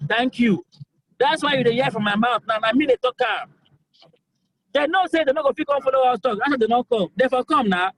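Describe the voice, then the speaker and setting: High-voiced young Nigerian man pleading earnestly. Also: a little fast, a bit bright, low-quality recording. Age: young adult. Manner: emphatic, repetitive, pleading. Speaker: governorship aspirant. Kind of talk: campaign call-in interview.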